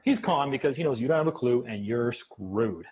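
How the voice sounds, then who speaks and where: Man, husky voice, fast and animated, casual storytelling, acts out quotes. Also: medium pitch, low-quality recording. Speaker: speaker at a meeting.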